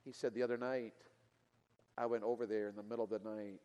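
A man's voice: lowish voice, flat delivery, quick pace, highs cut off. Man, preacher, sermon storytelling, earnest, long hall reverb. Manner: earnest, building to loud emotional peaks then dropping quiet.

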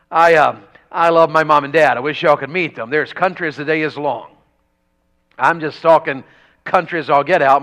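A man preaching a revival sermon in a church, telling folksy country stories and rising to shouts. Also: on the high side. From rural Tennessee.

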